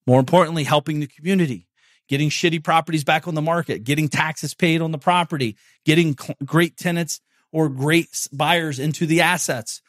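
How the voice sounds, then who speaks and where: A man's voice: a little high, fairly quick, a bit bright, dry recording, studio quality. Brash, profane man with a raised voice. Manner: brash, profane, salesy pep talk. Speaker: podcast host. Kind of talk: casual motivational monologue.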